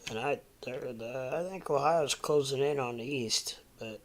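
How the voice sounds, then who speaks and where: A man's voice: mid-range voice, a little slow. A man in his forties from the Midwest, rambling casually at home as host of a livestream and answering chat. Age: 40s.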